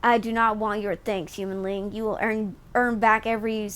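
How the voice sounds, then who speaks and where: A woman's voice: medium pitch, level tone, normal speed, a bit bright, a little hiss or hum, natural voice. A woman reading as a scornful snake-like alien. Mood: contemptuous. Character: scornful snake-like alien gladiator leader, male.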